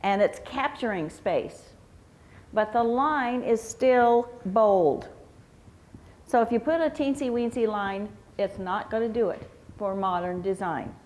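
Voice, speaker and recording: A woman teaching flower arrangement at a live seminar, explaining slowly with fillers and restarts. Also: a little high, a little mellow. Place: convention hotel meeting room.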